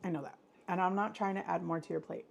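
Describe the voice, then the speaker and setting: A woman hosting a casual live stream and chatting to her viewers, effusive and gushing, her voice swooping up high whenever she gets excited. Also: quick pace, creaky.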